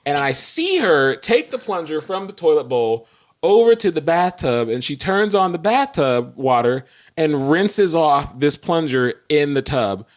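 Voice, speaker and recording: A man's voice: fairly high pitch, very animated, unhurried. A man co-hosting a podcast, telling a story in casual chat and acting out his own outrage with self-mocking humor. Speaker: podcast co-host.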